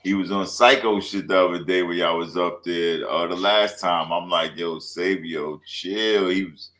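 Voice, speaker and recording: A man co-hosting a show, chatting casually in loose, slangy banter with quick laughs. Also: low voice, steady tone, fairly bright tone. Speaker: podcast co-host. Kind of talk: casual chat.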